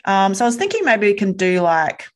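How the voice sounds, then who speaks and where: A woman podcast host in easy interview chat. She talks in a chatty, animated way, sometimes jumping into playful voices. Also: medium pitch, brisk.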